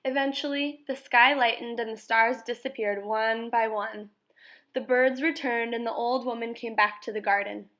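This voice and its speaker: A woman reads a children's novel aloud in a measured, expressive way. Her voice sits a little high for a woman. She reads calmly and clearly. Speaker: reader. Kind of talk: storybook read-aloud.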